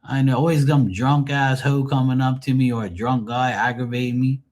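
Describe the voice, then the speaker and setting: A man telling cruise stories on a livestream, casual, profane and animated. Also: mid-range voice, normal speed. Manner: profane, animated, mimics people. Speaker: tarot reader and streamer.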